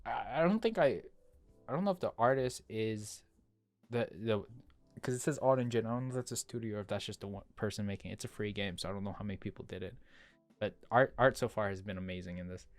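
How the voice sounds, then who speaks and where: A man's voice: lowish voice, fast talker, no echo, soft background music. A young man commenting casually while playing a story game, musing aloud and often restarting his sentences. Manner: chatty, musing, trails off and restarts. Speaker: gaming video creator. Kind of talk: let's play commentary and reading a visual novel.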